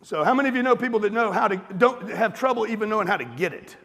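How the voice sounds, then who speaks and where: A man's voice: sits high, animated, quick pace, fairly bright tone. A man from the United States giving a blunt, profane motivational talk to a live audience in a large hall, rousing the crowd with questions. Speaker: motivational speaker. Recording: long reverb of a large hall.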